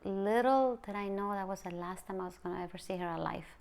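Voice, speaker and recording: A woman's voice: mid-range voice, vocal fry, a little mellow. Emotional woman. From Mexico City. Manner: halting, emotional retelling with many restarts. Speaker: interviewee. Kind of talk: personal interview.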